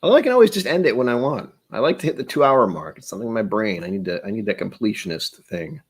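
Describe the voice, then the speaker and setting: Tired guy rambling on his livestream, kinda low voice, thanking chat. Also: expressive, fast, breathy edge. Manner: rambling, self-deprecating, reads out viewer names. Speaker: livestream host. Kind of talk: casual live-stream chat.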